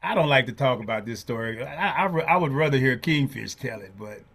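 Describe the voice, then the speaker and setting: With a mid-range voice and a fairly quick delivery, an older man who drums and hosts a podcast tells stories in an interview. He's an animated storyteller who performs the voices of those he quotes.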